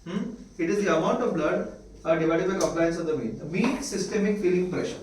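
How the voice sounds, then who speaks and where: A man's voice: sits high, a little mellow, a little hiss or hum. A man with an Indian English accent giving a classroom lecture, repeating key points and asking the students if they follow. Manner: repetitive, checks understanding with quick questions. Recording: echoey room, mic far off.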